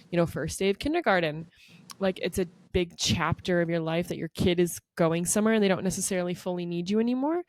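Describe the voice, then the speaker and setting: A woman's voice: fairly low pitch, a little mellow. A woman co-hosting a podcast, telling a personal story in a chatty, emotional way with lots of fillers. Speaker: podcast co-host. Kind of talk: casual podcast chat.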